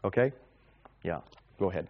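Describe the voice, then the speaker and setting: A middle-aged man giving a talk and answering audience questions about faith, telling stories in a lively, animated way. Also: low voice, narrow, tinny audio. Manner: animated, lively storytelling with quick repetitions. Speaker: Christian speaker taking audience questions. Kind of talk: lecture with audience Q&A.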